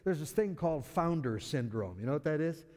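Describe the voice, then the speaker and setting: A man's voice: on the high side, animated, fairly quick, dark tone. A man preaching a sermon in a conversational way, often repeating words as he restarts. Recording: reverberant hall.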